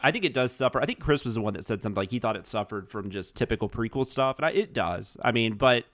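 A man's voice: medium pitch, quick pace, no echo. Rambling laid-back man, dry sound. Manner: relaxed, rambling, many fillers like "like". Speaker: podcast co-host. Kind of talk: casual chat.

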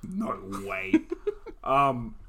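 A man's voice: medium pitch, huge pitch swings, extremely slow, bright, forceful tone, a little hiss or hum. A young man, co-hosting a casual podcast chat, rambling through stories, laughing often and swearing freely. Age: young adult. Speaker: podcast co-host.

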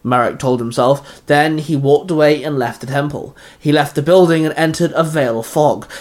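A man reading a fan fiction story aloud in a steady, even narration. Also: on the high side, normal speed, few pauses.

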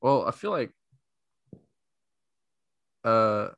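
A man with a bright, forceful voice trades jokes and swears freely as he chats about a movie. His voice is close and dry, with no room around it. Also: fairly low pitch, expressive, drawn-out words, gravelly, no room sound, muffled recording. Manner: profane, joking, teasing. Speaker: podcast co-host. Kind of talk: casual movie chat.

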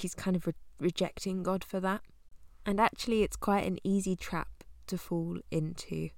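A young woman leads a Bible study in an easy, chatty manner, laughing now and then as she explains. Her voice sits a little low for a woman. The recording is dry and close. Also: creaky, no echo. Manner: conversational, laughs often. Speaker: Bible teacher.

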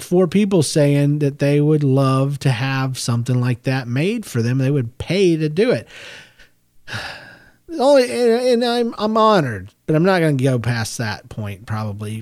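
A man's voice: on the high side, darkish tone, dry recording, clean studio sound. Rambling, homespun male podcast host. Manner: rambling, with many restarts and self-corrections; chatty and homespun. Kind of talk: casual personal storytelling.

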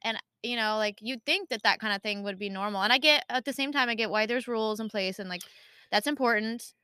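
A woman co-hosting a casual podcast, telling a story in an animated way and acting out what people said. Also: fairly high pitch, brisk, smooth, no echo. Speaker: podcast co-host. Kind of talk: casual chat.

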